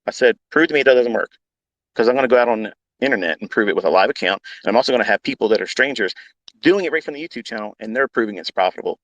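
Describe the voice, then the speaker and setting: A blunt, combative man rants off the cuff about trading and swears freely. He repeats points over and over to hammer them home. His voice sits at an ordinary male pitch and sounds dry and close, with no room around it. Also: lively intonation, rapid-fire, fairly bright tone, no room sound, highs cut off. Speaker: trading educator on a live audio space. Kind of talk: unscripted profane rant.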